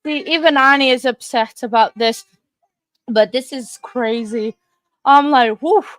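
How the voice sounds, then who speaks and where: Breathless, flustered high-voiced woman. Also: measured pace, fairly bright tone, no room sound, clean studio sound. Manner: flustered, rambling, laughing nervously. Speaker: true crime channel host. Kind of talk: casual chat to viewers.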